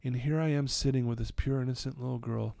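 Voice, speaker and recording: A middle-aged man, a podcast guest telling his story in an animated way and acting out his own quoted lines. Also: mid-range voice, quick pace, vocal fry, no room sound, studio quality. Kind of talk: storytelling in a conversational interview.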